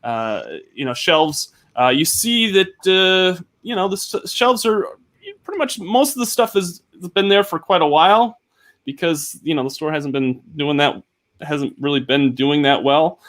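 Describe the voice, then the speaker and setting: A man narrating as game master for a tabletop game, halting with many restarts. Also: fairly high pitch, expressive, a bit bright. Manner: halting, full of fillers and restarts.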